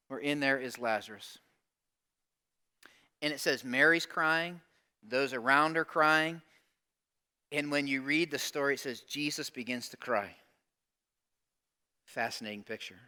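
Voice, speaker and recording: A man preaching a sermon as casual storytelling, shifting between loud exclamations and hushed asides. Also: mid-range voice, a little slow, pauses often, clean tone. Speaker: pastor.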